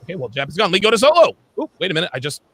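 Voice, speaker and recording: A man's voice: sits high, very animated, racing, fairly bright tone. A man hosting a livestream panel, blunt and emphatic, calling on panelists by name. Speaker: livestream host.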